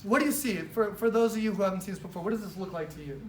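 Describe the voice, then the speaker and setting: A woman giving an animated, casual storytelling talk with lots of fillers, speaking as a presenter at a business training. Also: mid-range voice, rapid-fire. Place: event room with a live audience. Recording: roomy, distant mic, faint background noise.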